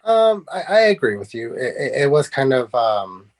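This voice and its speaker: A man guest in a casual film review chat, halting as he starts and then blunt in his opinions. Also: medium pitch, very animated. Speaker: podcast guest.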